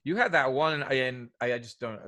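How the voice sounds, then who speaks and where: A man's voice: mid-range voice, moderate pace, pushed and bright. A man hosting a casual podcast interview, asking loose questions, swearing freely and reacting with short replies. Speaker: podcast host.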